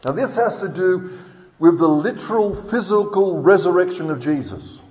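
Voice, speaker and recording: A man's voice: sits high, expressive, moderate pace, darkish tone. A man preaching a sermon in an earnest, emphatic way, reading scripture aloud. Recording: dull sound with long hall reverb.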